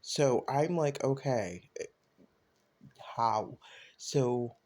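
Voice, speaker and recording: A man casually telling a personal story, raising his voice when quoting others. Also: very slow. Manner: animated retelling, voices quotes with rising pitch. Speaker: storyteller recounting a personal event.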